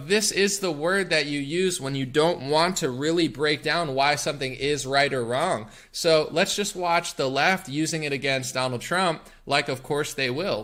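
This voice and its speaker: Fired-up guy ranting on his podcast, kinda high, bright punchy voice. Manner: combative, ranting, emphatic. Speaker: podcast host. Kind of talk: political commentary podcast.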